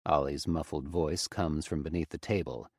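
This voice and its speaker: A man narrating a romance audiobook in the first person, with a low, intimate storytelling delivery on a close studio mic. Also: fairly even intonation, normal speed, no room sound.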